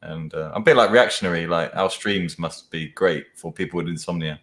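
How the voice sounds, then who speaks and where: A man in casual chat who speaks in one even tone, with hesitant restarts. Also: low voice, a little fast.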